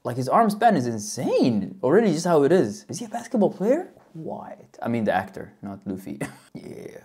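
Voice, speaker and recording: Low-voiced excitable woman reacting. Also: moderate pace, husky. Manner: excitable, slangy, laughs often. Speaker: reaction video host. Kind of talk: casual reaction commentary.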